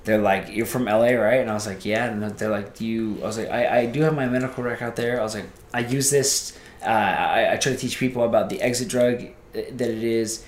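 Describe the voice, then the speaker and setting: A man telling a casual story as a podcast guest, rambling and animated, acting out the voices of people he quotes. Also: fairly low pitch, a little fast, roomy sound, a little hiss or hum.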